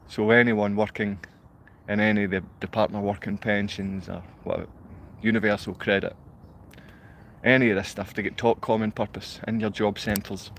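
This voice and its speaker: A Scottish man speaks to a handful of viewers on a live stream in a long, rambling rant. His voice sits low, and his talk is blunt and wandering. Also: flat delivery, normal speed, fairly bright tone, slight background noise. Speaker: livestreamer. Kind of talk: rambling monologue to a live online audience.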